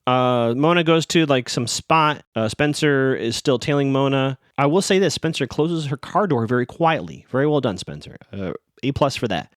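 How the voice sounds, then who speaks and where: Animated, sarcastic man recapping a show. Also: mid-range voice, normal speed, no echo, studio quality. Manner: rambling, sarcastic, amused. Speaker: podcast host. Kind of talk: casual TV episode recap.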